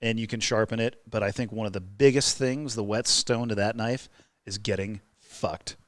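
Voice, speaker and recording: A man's voice: lowish voice, steady tone, normal speed, a bit bright, no echo. Blunt, opinionated man in casual talk. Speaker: podcast guest. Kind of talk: casual conversation.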